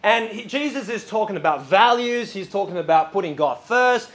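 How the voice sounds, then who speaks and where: Animated, high-voiced male preacher. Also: moderate pace. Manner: lively and chatty, with many fillers. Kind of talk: sermon.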